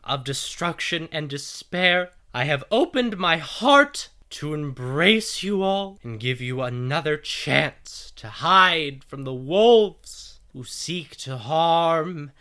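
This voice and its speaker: A man voicing a cult leader, preaching grandly and slowly to kneeling followers. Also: fairly high pitch, expressive, sharp tone, pitched above the performer's own voice, full character voice. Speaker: game master. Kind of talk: tabletop game narration.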